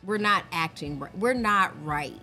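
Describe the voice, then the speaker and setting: A woman's voice: fairly low pitch, lively intonation, measured pace, pushed and bright, faint music behind. Playful woman podcast co-host. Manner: playful, teasing. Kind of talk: casual chat.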